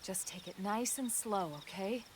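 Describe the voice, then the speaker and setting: A woman voicing a steady, caring woman soldier in a video game, speaking in a gentle, reassuring way. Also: medium pitch, measured pace, a little hiss or hum, lightly acted. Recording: game audio with outdoor insect ambience.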